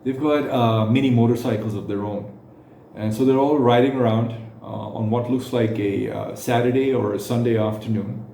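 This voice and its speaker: A man's voice: medium pitch, fairly even intonation, warm tone. Guy doing reaction commentary, lots of ums and uhs, echoey room, bit of hiss. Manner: halting, with frequent fillers and restarts.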